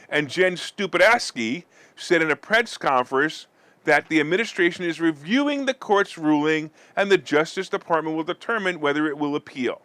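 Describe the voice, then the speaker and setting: A man's voice: high voice, bright, forceful tone, no echo. A man hosting a finance and politics show, reading his commentary with sarcastic asides. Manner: sarcastic, mock-weeping theatrics. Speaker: host.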